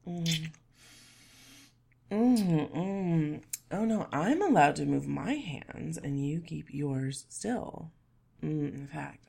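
A young woman in a whispered role-play who speaks in a teasing, playful and bossy way, slipping between hushed whispers and soft murmurs. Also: sits low, expressive, slow, creaky, pauses often, husky. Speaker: audio role-play performer.

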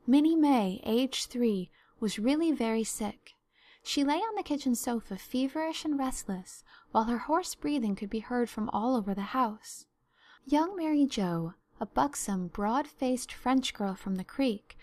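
A woman reading a classic novel aloud with measured, expressive storytelling. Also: fairly high pitch, dry recording. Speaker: audiobook narrator. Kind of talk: scripted narration of a classic novel.

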